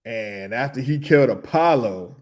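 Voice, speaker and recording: A middle-aged man hosting a podcast, telling a loose, animated story in casual slang, with laughs and restarts. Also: medium pitch, moderate pace. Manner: animated, humming tunes and acting out reactions. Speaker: podcast host.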